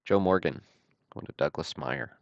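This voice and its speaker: Deep gravelly man, slow and dull-toned. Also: dry recording. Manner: steady, matter-of-fact listing with dry self-deprecating asides. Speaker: host of a card-break livestream. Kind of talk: calling out trading cards on a livestream.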